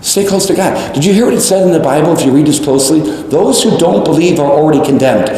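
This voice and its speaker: A male priest preaching a homily, animated and repeating phrases for emphasis, with jokes and tangents. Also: on the high side, quick pace, slight background noise. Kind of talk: sermon. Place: large church. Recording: echoey church, long reverb.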